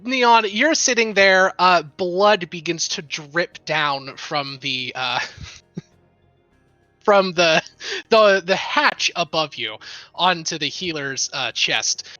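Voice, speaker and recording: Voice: medium pitch, lively intonation, slow, pushed and bright, dry recording, dull audio, soft background music. A game master narrating a tabletop game with vivid, profane descriptions and frequent laughs.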